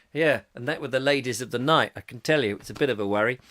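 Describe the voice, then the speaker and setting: A man's voice: medium pitch, fairly bright tone. A middle-aged man hosting a live comic chat show, reading out viewer comments in a playful, rambling way. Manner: playful, rambling, quick to slip into silly voices.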